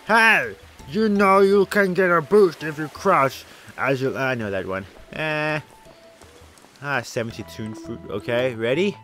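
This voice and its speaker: A man giving playful let's-play commentary at a desk mic, giggling and shouting with excitement as he plays. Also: medium pitch, slow, long pauses, soft background music. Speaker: gaming youtuber. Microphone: desk microphone with headphones.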